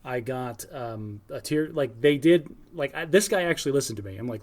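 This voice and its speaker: A man's voice: mid-range voice, normal speed, few pauses. A middle-aged man on a casual podcast, telling stories with lots of energy and acting out both sides of his phone calls. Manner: animated storyteller, acts out phone calls. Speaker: podcast co-host. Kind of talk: casual chat.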